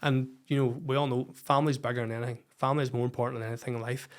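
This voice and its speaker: A man's voice: medium pitch, steady tone, rapid-fire. A man with a Northern Irish accent, a podcast guest telling his personal story frankly and swearing freely. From Northern Ireland.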